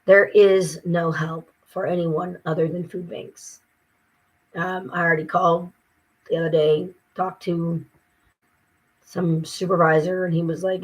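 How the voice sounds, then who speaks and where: A woman's voice: lowish voice, level tone, a little slow, breathy edge, rough recording. An exhausted woman talking casually to her viewers, weary and frustrated, venting with mocking asides. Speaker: vlogger. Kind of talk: casual talk to camera.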